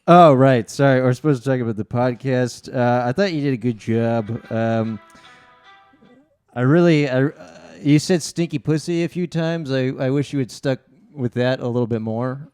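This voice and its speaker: Halting man roasting a contestant. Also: mid-range voice, expressive, darkish tone, clean tone. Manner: halting, filler-heavy delivery. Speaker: judge. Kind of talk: comedic roast. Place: live venue.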